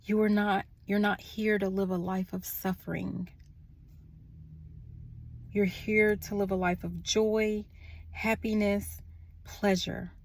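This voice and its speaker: Slow, soft-spoken woman channeling spiritual messages. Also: medium pitch, little pitch movement. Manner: slow, soft-spoken and earnest, trailing into hushed tones. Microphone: phone.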